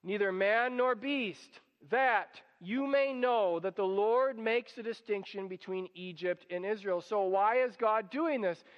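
High-voiced man preaching in a reverberant hall. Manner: animated, acts out quoted voices. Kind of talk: sermon. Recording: dull sound with long hall reverb.

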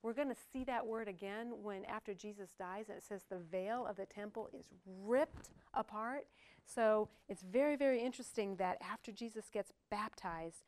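A woman's voice: medium pitch, moderate pace, a little mellow. Older woman preacher, conversational sermon with humorous asides. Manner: conversational, joking asides to the congregation.

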